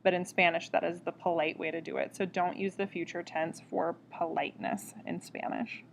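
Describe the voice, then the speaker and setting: A woman teaching a recorded grammar lesson, explaining step by step in a clear, patient way. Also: lowish voice, flat delivery, moderate pace, a little hiss or hum. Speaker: Spanish teacher.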